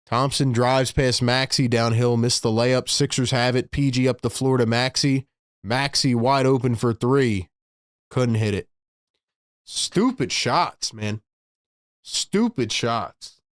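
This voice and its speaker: A man's voice: mid-range voice, flat delivery, measured pace, clear, resonant tone, dry recording, clean studio sound. A man hosting a live fan broadcast, calling the plays and scolding the team in exasperation. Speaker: host calling live play-by-play. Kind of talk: fan play-by-play and rant.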